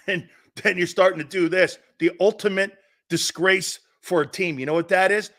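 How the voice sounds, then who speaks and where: A middle-aged man hosting a sports talk show, ranting loudly and mocking rivals. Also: high-pitched, fairly even intonation, measured pace. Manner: loud, mocking, puts on voices and laughs often. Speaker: sports radio host. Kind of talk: animated sports talk rant.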